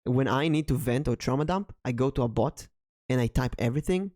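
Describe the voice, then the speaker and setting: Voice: mid-range voice, fairly quick, dark tone, dry recording, clean studio sound. Blunt, jokey podcast co-host. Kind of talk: casual podcast chat.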